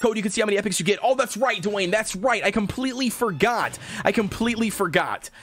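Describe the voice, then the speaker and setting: A man livestreaming a game in a high, bouncy voice that leaps all over the place. He is excitable and hyped, cheering at the screen and hyping up his chat. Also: fast. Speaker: gaming livestreamer. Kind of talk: live gameplay commentary.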